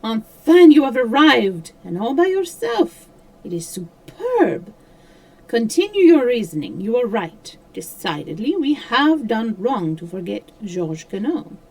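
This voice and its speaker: A woman's voice: fairly high pitch, a little slow, voice pushed up, low-quality recording. A woman voicing a fussy, precise little detective, an older man, in a put-on French accent. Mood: delighted. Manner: precise, encouraging, excitable.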